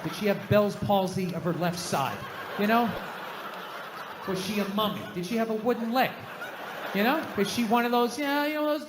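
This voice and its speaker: A man's voice: extremely high pitch, background noise. A middle-aged man doing a stand-up comedy set, telling profane, exasperated stories in a ranting way. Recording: live stage recording with hall reverb.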